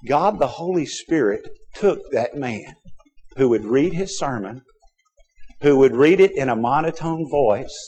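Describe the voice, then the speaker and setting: A middle-aged man from Texas, preaching a sermon as pastor, swinging between loud urging and quiet, low asides. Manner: emphatic preaching with sudden loud and soft swings.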